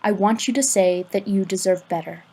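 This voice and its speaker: A woman's voice: mid-range voice, a little mellow, husky, low-quality recording. A woman reading the lines of an earnest adult male teacher in an amateur audiobook, talking urgently and sometimes stammering. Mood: gentle, insistent. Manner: urgent, halting, stammering in places.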